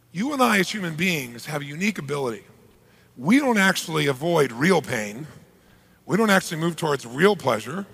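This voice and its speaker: A man giving an energetic live seminar talk, often putting questions to the audience. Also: fairly high pitch. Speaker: motivational seminar speaker. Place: large seminar hall. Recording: live hall reverb.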